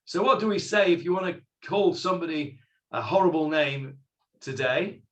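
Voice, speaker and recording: A man teaching a Bible study class, explaining slowly, quoting the figures in character and asking his students questions. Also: a little high.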